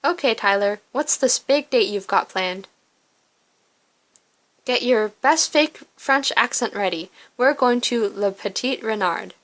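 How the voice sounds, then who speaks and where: A sarcastic young woman, dry and plainly unimpressed. A woman reads her in her own fairly high voice from a story game. The reading stays close to everyday speech. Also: unhurried, fairly bright tone.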